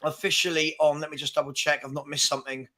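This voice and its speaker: A man's voice: on the high side, little pitch movement, quick pace, background noise. A British man hosting a charity live stream, chatty, reading out donations and thanking people. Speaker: stream host. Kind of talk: casual chat.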